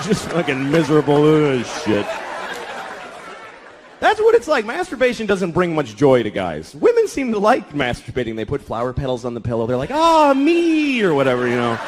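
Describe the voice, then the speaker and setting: A man's voice: medium pitch, huge pitch swings, fairly quick. A man in his thirties doing a stand-up comedy routine, with profane, exasperated ranting and heavy swearing. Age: 30s. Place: comedy stage before a live audience. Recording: live audience laughter and room noise. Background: crowd laughing.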